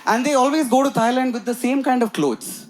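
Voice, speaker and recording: A young man doing a stand-up set, chatty and teasing the crowd with quick asides. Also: extremely high pitch. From United Arab Emirates. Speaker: stand-up comedian. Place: comedy club stage before a live audience. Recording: loud audience laughter throughout.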